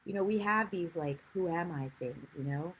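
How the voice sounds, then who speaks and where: A woman's voice: lowish voice, moderate pace, a little hiss or hum, low-quality recording. A woman life coach giving a chatty, rambling livestream talk and greeting viewers as she goes. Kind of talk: live-streamed coaching talk.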